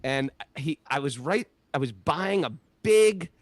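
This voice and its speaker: Animated male storyteller, dry close sound. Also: fairly high pitch, a little slow, no echo. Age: middle-aged. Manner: animated storyteller, acts out quotes. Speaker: podcast co-host. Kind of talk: casual spiritual talk.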